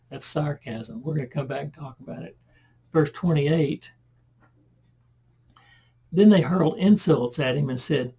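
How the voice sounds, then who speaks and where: A man with a fairly high voice that is deeply husky and breathy, with gravel running underneath. He teaches a Bible passage verse by verse. He reads the verses out more loudly, then drops into relaxed conversational asides. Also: measured pace, long pauses. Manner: conversational, loud when reading scripture aloud, asides and self-corrections.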